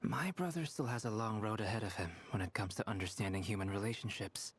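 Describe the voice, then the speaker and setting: A calm, breathy young alchemist. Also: male voice, on the low side, fast talker. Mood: dry.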